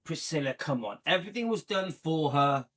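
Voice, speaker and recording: Chatty man, rather high voice. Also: lively intonation, normal speed, fairly bright tone. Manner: chatty, annoyed, thinks aloud with restarts. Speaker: channel host reacting to videos. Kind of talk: casual commentary.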